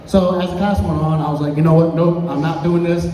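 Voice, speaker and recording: A man in his thirties doing an open mic stand-up set, telling stories and acting out quotes with big jumps in pitch. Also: level tone, a little fast. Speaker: stand-up comedian. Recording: echoey hall from far off, faint room noise.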